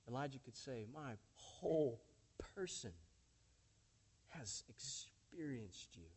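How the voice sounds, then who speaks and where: A male pastor preaching a sermon in short phrases with dramatic pauses and shifting emphasis, mixing scripture retelling with folksy asides. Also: mid-range voice, animated, darkish tone, slightly rough.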